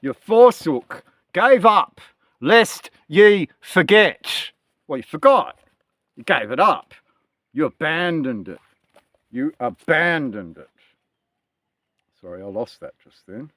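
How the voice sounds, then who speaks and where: A man in a ranting monologue, reading scripture aloud and talking in a slow, emphatic, scornful manner. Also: mid-range voice, sing-song, a bit bright, no room sound, studio quality. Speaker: political and religious commentator.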